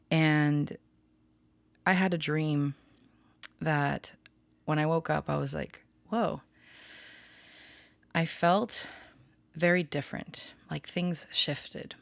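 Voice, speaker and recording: Low-voiced woman, rambling and chatty. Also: no echo. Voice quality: chatty, rambling, laughs often. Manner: self-aware melodramatic storytelling. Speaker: spiritual channeler and tarot reader. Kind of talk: casual chat. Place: small converted shed studio at home.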